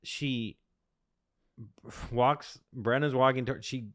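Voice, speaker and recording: A man's voice: medium pitch, fairly even intonation, takes it slowly, a bit bright, no room sound, clean studio sound. A man co-hosting a comedy podcast, telling stories in a wry, teasing way and laughing along. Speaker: podcast co-host. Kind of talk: casual comedic chat.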